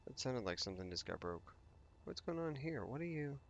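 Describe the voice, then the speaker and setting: A man's voice: mid-range voice, sing-song, fairly quick, gravelly, dull audio, a little hiss or hum. A man hosting a let's play, giving casual gameplay commentary and thinking aloud as he rambles through his plans with restarts and asides.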